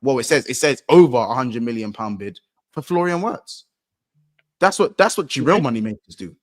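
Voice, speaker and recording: A man's voice: mid-range voice, lively intonation, normal speed. A man co-hosting a football chat show, arguing and repeating himself as he talks over others. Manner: argumentative, repeats himself, interrupts. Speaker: football podcast co-host. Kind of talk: heated casual banter.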